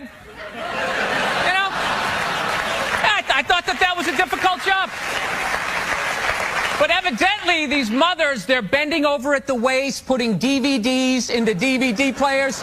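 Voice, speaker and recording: A male stand-up comedian ranting through his routine, often bursting into shouts, on a club stage with a handheld mic. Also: very high voice, moderate pace, pauses often, over a noisy crowd. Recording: noisy live club recording. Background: audience laughter.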